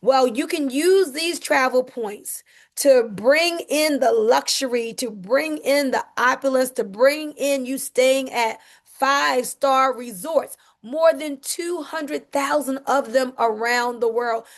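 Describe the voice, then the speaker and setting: High, gravelly-voiced woman pitching to a crowd. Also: takes it slowly. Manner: energetic, talks to the audience. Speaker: presenter. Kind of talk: sales presentation.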